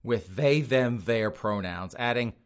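A male podcast host delivers scornful commentary from a studio, pausing often to chuckle at his own jabs. His voice sits at an ordinary middle pitch, and his tone stays sneering and mocking throughout. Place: studio outside Boston.

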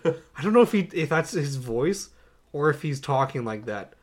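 A man's voice: fairly high pitch, moderate pace. Chatty young man reviewing a movie. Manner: animated, laughs often, lists notes with many "uh"s. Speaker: podcast co-host. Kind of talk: casual movie-review chat.

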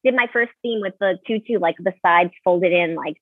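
A woman's voice: lowish voice, normal speed, breathy edge, no room sound. A woman in her thirties from Utah, a ballet dancer, talking candidly and chattily as an interview guest, with many fillers. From Utah, USA. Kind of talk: casual interview. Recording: tinny phone line.

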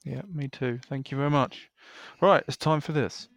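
A man's voice: medium pitch, fairly even intonation, normal speed. Man hosting a podcast. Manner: steers the show, laughs along. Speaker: podcast host. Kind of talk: casual chat, hosting.

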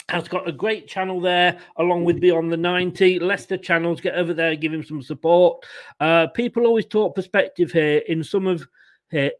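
High-voiced exasperated man ranting. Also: fairly bright tone. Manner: exasperated, sarcastic, reads out viewer comments. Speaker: host of a football fan live stream. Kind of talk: ranting live-stream chat.

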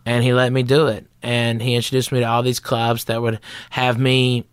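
A middle-aged man with a Southern American accent, a guest comedian telling a lively, profane story in a podcast interview. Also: mid-range voice, normal speed, smooth, no echo, clean studio sound. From Southern United States.

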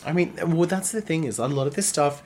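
A man in his thirties co-hosting a podcast, talking in a blunt, crude, animated way and swearing freely. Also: fairly high pitch, fairly quick, slight background noise. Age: 30s. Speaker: podcast co-host. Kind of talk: casual chat.

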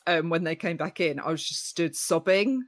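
A woman comedian telling a story in casual chat, jumping up high and squeaky whenever she acts out what people said. The sound is dry and close, with no room behind her. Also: normal speed, no echo. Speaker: comedian guest.

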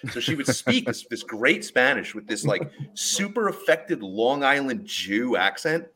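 Bright, lively low-voiced man. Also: a little slow. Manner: animated, swears casually. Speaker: podcast co-host. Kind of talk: casual chat.

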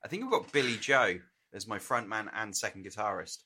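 A man's voice: lowish voice, lively intonation, fairly quick, pushed and bright, a little hiss or hum. A man co-hosting a drunken chat podcast, joking, swearing and giggling. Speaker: podcast co-host. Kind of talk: drunken casual banter.

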